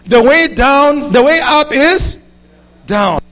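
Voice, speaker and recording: High-voiced pastor preaching. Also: male voice, slow. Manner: animated preaching, rising to shouts, with frequent asides to the congregation. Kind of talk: sermon.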